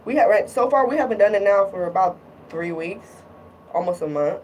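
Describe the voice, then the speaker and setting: A woman's voice: medium pitch, lively intonation, fairly quick, darkish tone, far from the mic, a little hiss or hum, rough recording. A young woman vlogging a candid, exasperated rant about her relationship, quoting her partner in mocking voices. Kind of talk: candid personal rant to camera.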